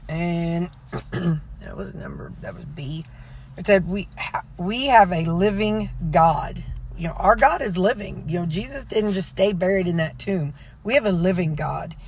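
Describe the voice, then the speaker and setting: A woman's voice: on the low side, lively intonation, unhurried, a little mellow, a little hiss or hum. A woman vlogger in a car, casually retelling a sermon in a rambling way, full of fillers and self-corrections. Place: inside a car.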